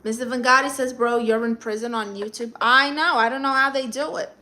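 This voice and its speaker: A woman's voice: fairly high pitch, fairly even intonation, a little fast, pushed and bright. A middle-aged woman with a Brooklyn accent, hosting a live stream and reading chat comments aloud with blunt, sassy comebacks.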